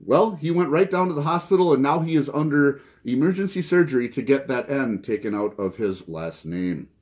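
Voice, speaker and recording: A man hosting a vinyl record channel, telling mock news jokes and chatting about his finds, laughing at his own gags. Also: normal speed. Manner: goofy, laughs at his own jokes, lively pitch swings. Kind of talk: casual joking news segment and haul chat.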